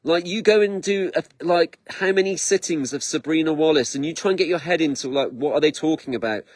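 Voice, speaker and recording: A middle-aged man talking excitably in a rambling vlog from his garden, repeating himself and tripping over his words. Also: on the high side, brisk, dry recording. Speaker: vlogger. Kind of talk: rambling personal vlog monologue.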